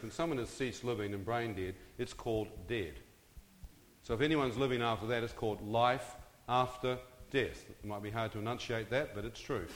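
A man giving a storytelling testimony to a live audience, drawing them in with questions and jokes. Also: mid-range voice. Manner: engages the crowd with questions and jokes. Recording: hall with long reverb.

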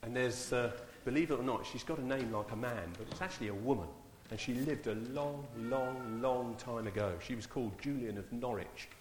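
A man leading a church service in an informal, halting way, often repeating his words. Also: medium pitch, a little hiss or hum. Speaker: church leader. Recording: echoey church hall, far mic.

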